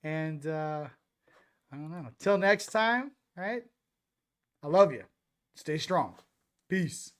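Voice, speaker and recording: A man hosting a casual livestream, giving hyped shout-outs and rambling loosely to viewers. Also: on the high side, lively intonation, slow pace, long pauses. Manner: loose, rambling, repeats "ladies and gents". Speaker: host.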